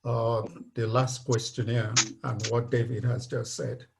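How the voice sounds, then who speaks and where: Slow, blunt man. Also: medium pitch, little pitch movement, gravelly, background noise. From Nigeria. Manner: blunt, emphatic, repeats his points. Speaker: webinar participant, engineer. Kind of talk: video call discussion. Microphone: video call.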